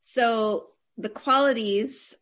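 A woman's voice: on the high side, extremely slow, a bit bright. A woman student sharing in class, hesitant and full of fillers.

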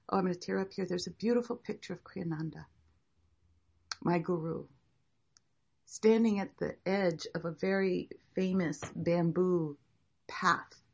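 An older woman teaching a class, speaking in a gentle, encouraging and unhurried way. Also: fairly low pitch, creaky, husky, highs cut off. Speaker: meditation teacher. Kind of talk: guiding a class.

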